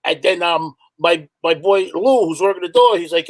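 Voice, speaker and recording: A man's voice: high-pitched, moderate pace, rough recording. A middle-aged man with a New York accent, chatting as a guest, profane and rambling as he tells stories. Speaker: guest, hardcore musician. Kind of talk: casual chat, storytelling.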